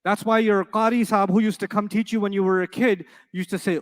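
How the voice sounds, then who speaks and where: A man teaching an Arabic grammar class in a classroom, playful and animated, quizzing his students with quick questions. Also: high voice. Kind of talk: classroom lecture.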